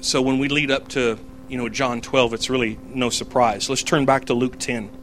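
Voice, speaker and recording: A man's voice: mid-range voice, little pitch movement, moderate pace, fairly bright tone, a little hiss or hum. A man giving a casual Bible teaching, talking it through conversationally, with fillers and self-corrections as he reads out verses. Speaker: preacher.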